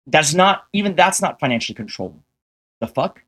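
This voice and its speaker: On a livestream, a man with a slightly high, expressive, fairly bright voice rants heatedly at a somewhat fast clip. He swears constantly, sounds exasperated and combative, and keeps firing rhetorical questions at viewers to drive his point home.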